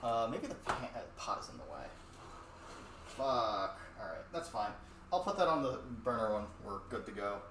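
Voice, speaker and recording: A man's voice: fairly low pitch, very animated, moderate pace. Rambling, profane young man off-mic. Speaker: streamer. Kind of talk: casual cooking stream chat. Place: home kitchen. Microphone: distant mic. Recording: echoey room, distant mic, faint noise.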